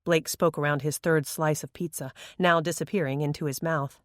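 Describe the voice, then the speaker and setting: Measured audiobook narrator, dry close mic. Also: medium pitch, no room sound. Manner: measured, even reading. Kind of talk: scripted narration.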